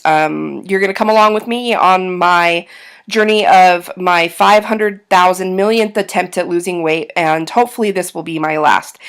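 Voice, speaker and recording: A woman in her thirties talking candidly to camera in a casual vlog, self-deprecating and full of ums. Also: on the low side. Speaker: vlogger.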